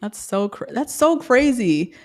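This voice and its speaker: A woman's voice: fairly high pitch, big pitch swings, a little slow, a little mellow. A woman co-hosting a podcast, chatting casually and animatedly, laughing often and acting out what people said. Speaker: podcast co-host. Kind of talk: casual chat recapping a reality show.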